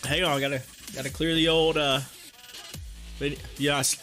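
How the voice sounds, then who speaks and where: A man's voice: a little high, flat delivery, unhurried, sharp tone, faint music behind. A man hosting a stock market livestream in casual chat, joking and laughing often while eating as he talks.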